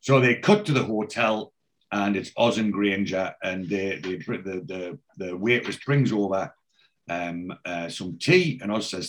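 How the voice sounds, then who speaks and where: A man's voice: on the low side, a little slow. Rambling man retelling a TV scene. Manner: rambling, swears, frequent restarts. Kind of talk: casual chat, retelling a television episode.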